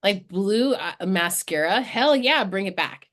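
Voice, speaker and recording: A woman's voice: medium pitch, expressive, measured pace, fairly bright tone. A woman in her thirties, a podcast guest talking candidly and swearing freely in casual chat.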